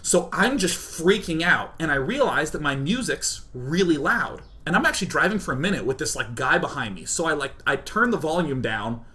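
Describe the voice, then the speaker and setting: Young guy from kansas spinning a funny story, kinda high voice, bright and sharp, lots of "like". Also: normal speed, few pauses. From Kansas, United States. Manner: animated, self-deprecating, full of "like" asides. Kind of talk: comedic personal storytelling.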